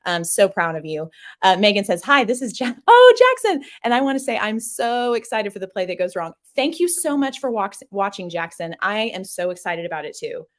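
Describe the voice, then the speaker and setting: A woman's voice: medium pitch, animated, fairly quick. A young adult woman hosting a casual live stream from a small office, gushing and upbeat as she reads viewer comments. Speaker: host.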